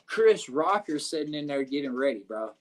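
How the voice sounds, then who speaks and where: A man's voice: a little high, very animated, moderate pace, a little hiss or hum. A man, a wrestler guest, telling a story in casual, profane speech with lots of fillers, over a video call.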